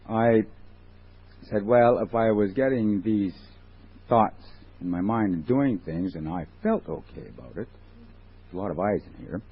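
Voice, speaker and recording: Husky low-voiced man sharing at a meeting. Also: unhurried, long pauses. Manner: rambling, self-questioning, wry. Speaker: recovery meeting speaker. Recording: tinny lo-fi 1980s tape.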